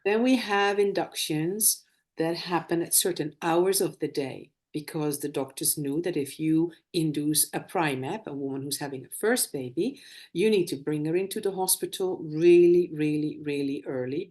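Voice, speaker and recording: A middle-aged woman, a former nurse and birth educator, talking in a live conversation and telling lively stories from her practice. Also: low voice, normal speed. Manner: animated storytelling, acts out quoted dialogue.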